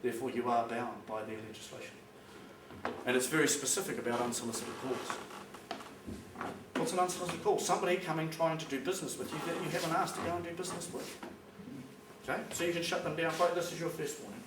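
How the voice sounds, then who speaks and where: A fast-talking man with a fairly high pitch and a New Zealand accent delivers a public talk in a school hall. He is emphatic and plain-spoken and acts out phone calls. Background noise and hall echo come through on the distant recording.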